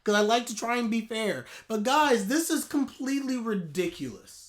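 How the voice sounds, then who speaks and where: A man ranting in a live anime reaction, heated and exasperated, with sudden loud outbursts. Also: very high-pitched, animated, moderate pace.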